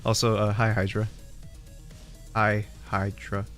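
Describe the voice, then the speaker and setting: A man's voice: on the low side, monotone, takes it slowly. A man streaming, chatting casually in a joking, rambling way, often laughing at his own jokes. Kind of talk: casual chat. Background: faint background music.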